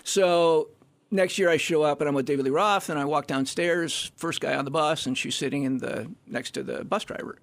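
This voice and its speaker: A middle-aged man with a gravelly, creaky edge to a slightly high voice tells backstage stories as a podcast guest. His delivery is animated and peppered with profanity. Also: normal speed. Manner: animated anecdote-telling with profanity. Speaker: band manager guest. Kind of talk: storytelling in a podcast interview.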